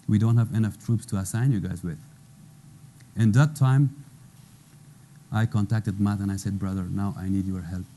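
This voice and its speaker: An Afghan man in his thirties speaks in earnest, broken English. His voice sits low and mellow, never sharp. A faint background hum sits under his testimony. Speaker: former interpreter, panel guest. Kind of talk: personal testimony at a panel.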